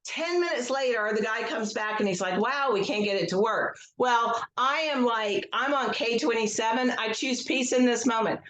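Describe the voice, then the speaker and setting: A woman, an educational psychologist, leading a guided tapping session with slow, gentle affirmations and casual asides, speaking over a video call from home. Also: on the high side, a little hiss or hum. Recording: echoey room.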